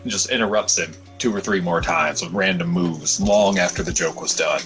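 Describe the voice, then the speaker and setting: Young male podcast co-host, low voice, rambling and profane, faint music under. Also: moderate pace, low-quality recording. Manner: rambling, swears freely, quotes others in animated bits. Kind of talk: casual chat.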